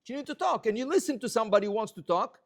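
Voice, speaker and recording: Animated rabbi teaching a Torah class. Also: male voice, extremely high pitch, very fast, background noise. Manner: animated, mixes Hebrew and Aramaic terms.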